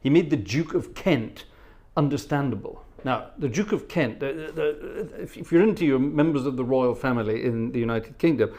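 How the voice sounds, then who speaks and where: A man's voice: medium pitch, moderate pace, darkish tone. Chatty middle-aged male organist telling stories. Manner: chatty storyteller who hums choir parts and mimics voices. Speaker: organist and choir director. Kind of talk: casual anecdotal chat during a live stream.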